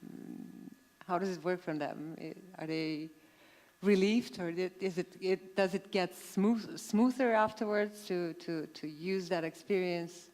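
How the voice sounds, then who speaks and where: A woman's voice: on the low side, a little slow, darkish tone. A woman moderating a conference panel, asking questions hesitantly and searching for words. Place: conference stage.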